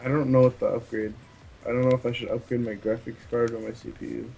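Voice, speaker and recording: A man chatting casually as a guest on a livestream, talking in a hesitant, halting way. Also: medium pitch, little pitch movement, gravelly, mellow, soft background music, rough recording. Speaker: stream guest. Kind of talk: casual chat on a call.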